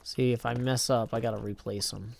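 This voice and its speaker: Male streamer from Tennessee, casual live-stream chat, rambling storyteller, mid pitch. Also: fairly even intonation, a little fast, vocal fry, a little mellow, a little hiss or hum. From Tennessee, United States. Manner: rambling storyteller, many "like"s and restarts. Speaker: live streamer playing a block-building game.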